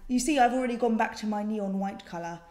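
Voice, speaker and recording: A woman's voice: medium pitch, fast, darkish tone. Sassy British woman vlogging in an echoey room. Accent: British English. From Britain. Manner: sassy, defensive, jokey. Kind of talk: casual vlog answering questions.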